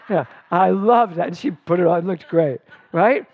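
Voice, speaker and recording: A middle-aged man, a spiritual teacher, giving a conversational sermon full of lively personal stories. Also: high-pitched, moderate pace, a little hiss or hum. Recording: dull dry livestream sound.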